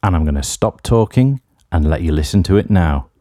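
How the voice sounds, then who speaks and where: Very deep, mellow-voiced male radio host. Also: lively intonation, brisk, no room sound, studio quality. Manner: self-deprecating, wry and rambling. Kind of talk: casual radio DJ links.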